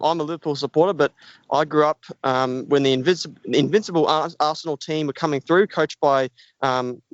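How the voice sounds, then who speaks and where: A man's voice: on the high side, no room sound. A man co-hosting a casual podcast, talking enthusiastically and heaping on praise. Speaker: podcast co-host. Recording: dull lo-fi dry podcast audio.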